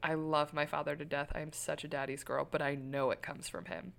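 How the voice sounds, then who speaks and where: Young woman, podcast co-host, casual chat, candid, animated, lower pitch. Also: a little fast, creaky. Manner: candid, animated storytelling with laughs.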